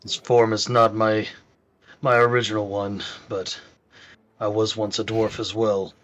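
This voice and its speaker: A man playing his character in a tabletop game, talking in a measured, hesitant way with fillers. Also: lowish voice, little pitch movement, a bit bright, muffled recording. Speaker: player. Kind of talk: in-character tabletop role-play.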